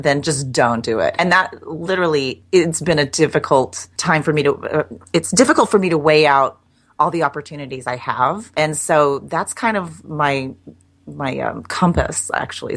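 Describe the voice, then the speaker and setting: A middle-aged woman guest chatting casually in an interview, laughing often and restarting her sentences. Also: low voice. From United States.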